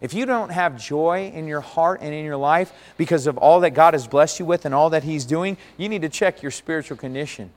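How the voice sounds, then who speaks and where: A man preaching a sermon, earnest, with big swings between loud and quiet. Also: on the high side, brisk, few pauses. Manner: earnest, rises and falls dramatically. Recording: long hall reverb.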